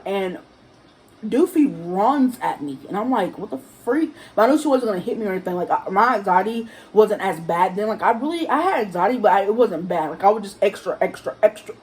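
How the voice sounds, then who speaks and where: A young woman chats to her camera at home, relaxed and casual as she tells a story. She gets animated and jumps up into a higher voice whenever she quotes someone. Her voice sits at an ordinary middle pitch. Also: poor audio. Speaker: vlogger.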